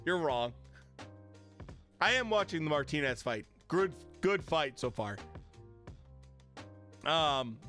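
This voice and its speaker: A man's voice: fairly high pitch, expressive, takes it slowly, pauses often, fairly bright tone, faint music behind. A man chatting casually on a live stream from his home setup, blunt and profane, getting riled up. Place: home streaming room with lit panel backdrop.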